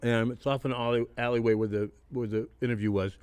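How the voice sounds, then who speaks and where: A man in his sixties, a podcast guest spinning casual anecdotes. He swears freely and breaks into laughs mid-story. His voice sits at a middle pitch and sounds dry and close. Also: fairly even intonation, quick pace, a little mellow, clear, resonant tone, no room sound. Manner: profane, laughs through his stories. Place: haunted attraction venue.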